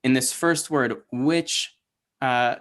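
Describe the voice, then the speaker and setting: A man's voice: mid-range voice, slow, fairly bright tone. A man teaching an online class, explaining step by step, quizzing his learners and using many fillers. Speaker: Hebrew teacher.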